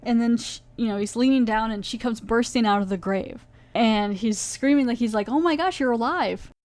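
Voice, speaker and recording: A woman's voice: a little high, fairly even intonation, darkish tone. A woman podcast host recapping a horror episode in a chatty, casual way, acting out the characters' lines as she goes. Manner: chatty, acts out lines in quick voices.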